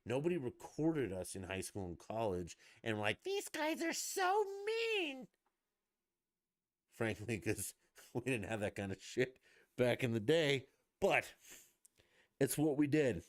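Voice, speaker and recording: A man's voice: mid-range voice, animated, unhurried, no echo, studio quality. A middle-aged man ranting casually as a podcast host, blunt, mocking and profane.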